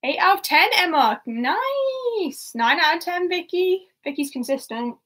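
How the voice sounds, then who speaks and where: Giggly high-voiced woman hosting a quiz. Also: big pitch swings, unhurried, fairly bright tone. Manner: chatty, giggly, reads scores aloud. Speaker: quiz host.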